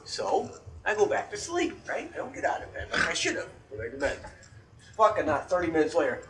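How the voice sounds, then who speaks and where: Animated, profane man telling a story. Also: sits high, fairly quick, distant mic, a crowd in the background. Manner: profane, animated storyteller, shouts quoted outbursts. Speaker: podcast co-host. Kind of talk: casual storytelling chat.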